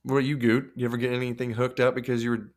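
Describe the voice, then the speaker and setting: A man's voice: mid-range voice, little pitch movement, rapid-fire. A man co-hosting a podcast, telling crude, joking stories in loose casual chat. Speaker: podcast co-host.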